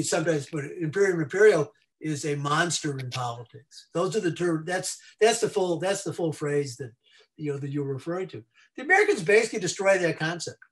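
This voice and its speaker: Rambling scholarly man on a video call. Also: on the high side. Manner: discursive, many restarts and asides. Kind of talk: seminar discussion.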